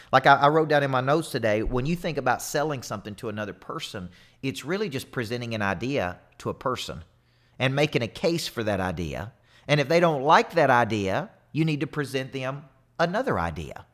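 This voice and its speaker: Energetic man giving a motivational talk. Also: medium pitch. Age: 40s. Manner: energetic, emphatic, repeats himself. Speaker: motivational coach.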